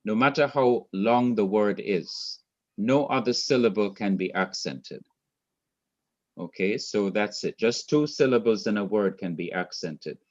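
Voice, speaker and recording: A man lectures at a very slow, measured pace, stepping through numbered points and repeating them for his students. His voice sits fairly low. The recording is dull and lo-fi. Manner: slow, methodical, enumerating rules. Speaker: Hebrew teacher. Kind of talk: online class lecture.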